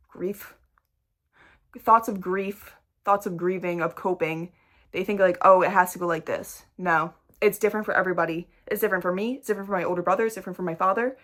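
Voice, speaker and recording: A woman's voice: medium pitch, a bit bright. A young adult woman speaking candidly to a camera, blunt and emphatic, swearing freely. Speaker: vlogger. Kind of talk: candid personal talk to camera. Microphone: device recording while talking to a screen.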